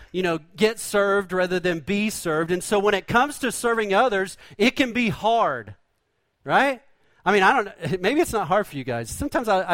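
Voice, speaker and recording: A man's voice: high-pitched, a bit bright, no room sound. A man preaching a sermon in a folksy, conversational way, full of rhetorical questions. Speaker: pastor.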